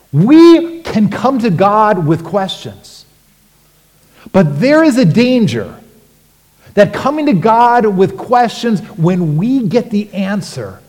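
Animated male pastor preaching in a reverberant hall. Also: sits high. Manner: animated, rhetorical, with sudden emphatic rises. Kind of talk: sermon.

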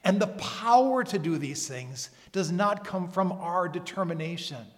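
Pastor guy preaching slow and earnest, lots of questions to the crowd, big reverby hall sound. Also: high voice, animated. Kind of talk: sermon. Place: church service.

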